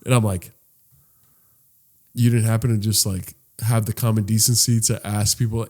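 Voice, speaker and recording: A young man co-hosting a podcast, telling a story in a loose, animated way, swearing freely and jumping high in pitch when he quotes people. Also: normal speed, pauses often. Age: young adult. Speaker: podcast co-host. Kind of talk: casual storytelling chat.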